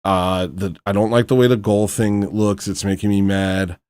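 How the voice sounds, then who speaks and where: A man's voice: lowish voice, little pitch movement, normal speed, a little mellow, clear, resonant tone, dry recording. A man hosting a casual livestream, rambling and muttering to himself in a frustrated way. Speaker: livestream host.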